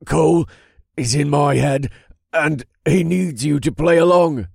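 A man voicing a terrified male soldier who stutters nervously, pitched up and louder. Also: a little slow, vocal fry, slightly rough, dry recording, clean studio sound, heavily acted. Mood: frightened.

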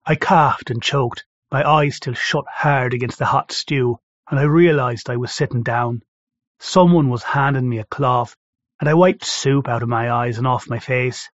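A man reading a first-person story aloud in a steady, measured way. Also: medium pitch, dry recording. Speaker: narrator. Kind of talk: first-person audiobook narration. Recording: dry, slightly dull recording.

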